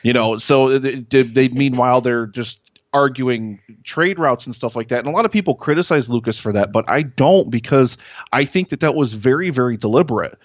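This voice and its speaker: A man's voice: medium pitch, fairly quick, dry recording, muffled recording. A man, a podcast guest, talking earnestly and enthusiastically and swearing casually.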